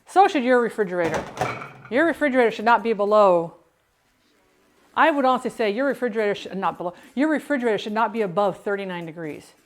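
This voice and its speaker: A woman's voice: medium pitch, expressive, quick pace. Chatty woman rambling while cooking. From United States. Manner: chatty, rambling, self-interrupting. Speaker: home cook and streamer. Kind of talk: casual cooking chat.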